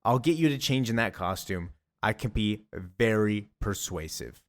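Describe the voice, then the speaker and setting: A man's voice: fairly low pitch, expressive, moderate pace, natural voice. A man voicing a bitter, vengeful young male villain in a sneering, threatening tone while retelling a comic.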